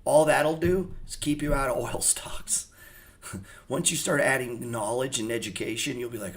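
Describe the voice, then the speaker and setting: A man's voice: medium pitch, unhurried. A man hosting a trading show, talking loosely and profanely in a rambling, joking way. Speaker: trading channel host. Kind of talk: casual unscripted livestream chat.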